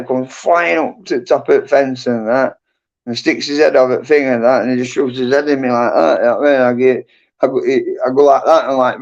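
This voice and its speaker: Heard through dull lo-fi livestream audio, this middle-aged man hosts a casual chat, rambling on, cursing, and leaning heavily on "and that" and "you know." He speaks with a medium pitch and a somewhat dark tone.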